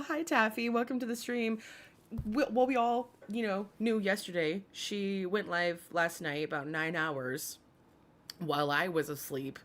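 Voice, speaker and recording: A woman hosting a casual livestream, talking in a chatty, gossipy way and greeting viewers by name as they arrive. Her voice sits at an ordinary middle pitch, and she swears freely as she comments. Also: a bit bright. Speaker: livestream host.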